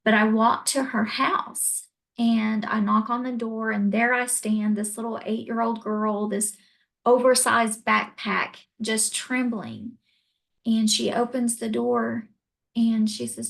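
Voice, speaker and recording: A woman with a slightly high, gravelly voice recounts her own story slowly and earnestly. She takes her time, pausing between phrases in an interview. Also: fairly even intonation, poor audio. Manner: earnest storytelling, soft and reflective. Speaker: guest.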